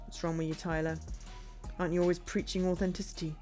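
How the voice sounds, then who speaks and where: A woman's voice: fairly low pitch, little pitch movement, fast, a little mellow, faint music behind, lightly acted. A woman voicing a frustrated young male band member who accuses his bandmate, in a confrontational way.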